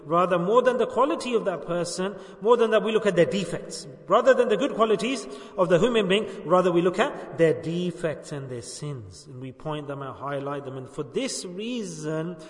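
A high-voiced man preaches a sermon, stopping often to ask his listeners whether they understand. He sounds far from the mic, and his voice rings through a large hall with a long, roomy reverb. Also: animated, moderate pace, few pauses. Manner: preaching with repeated rhetorical questions. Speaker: religious teacher.

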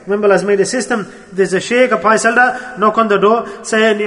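Man, mosque sermon, earnest exhorting preacher, high voice, long echo of a hall. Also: fairly quick, fairly bright tone. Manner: earnest, exhorting, mixes in Arabic and Urdu religious terms.

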